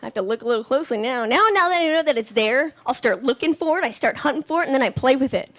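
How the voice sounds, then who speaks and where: A woman's voice: high-pitched, expressive, quick pace. A woman doing a stand-up comedy set on a club stage, punchy and sassy, slipping into impressions of relatives and men.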